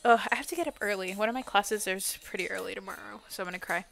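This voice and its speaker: A woman's voice: medium pitch, fast talker, gravelly, few pauses, fairly bright tone. A young adult woman chatting casually to viewers on a gaming live stream, swearing freely and blurting out exclamations. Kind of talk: casual live-stream chat while playing. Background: faint music.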